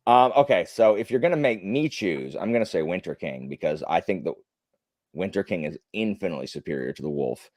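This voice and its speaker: A young man chatting on a livestream, his pitch swinging up and down as he tells a rambling story. He leans on fillers and restarts, and the sound is close and dry, with no room echo. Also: lively intonation, normal speed, a little mellow. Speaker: livestream host. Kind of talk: casual chat.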